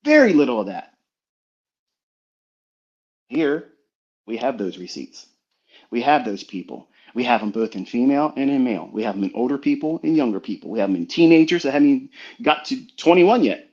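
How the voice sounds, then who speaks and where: A man's voice: medium pitch, animated, a little fast, darkish tone. A man, a trading mentor, giving an emphatic, preachy, profane motivational talk on a live audio stream. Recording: dull lo-fi online stream audio.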